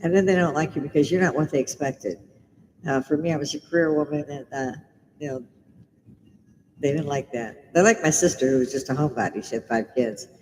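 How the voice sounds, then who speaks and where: A woman's voice: deep voice, a little fast, a little mellow, big-room sound, a little hiss or hum, rough recording. A middle-aged woman from Britain hosting a casual livestream from her home bar, blunt and swearing as she rants. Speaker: live stream host.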